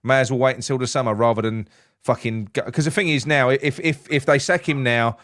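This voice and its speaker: A man's voice: medium pitch, steady tone, brisk, a bit bright, no echo, clean studio sound. A man hosting a live football phone-in, talking casually with stammered restarts and swearing.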